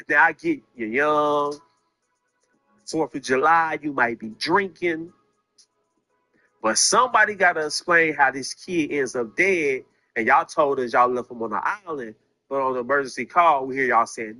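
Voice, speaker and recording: A man's voice: a little high, moderate pace, bright, forceful tone, soft background music. A man commentating on a case, speaking emphatically, with rhetorical questions to his viewers. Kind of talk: true-crime commentary.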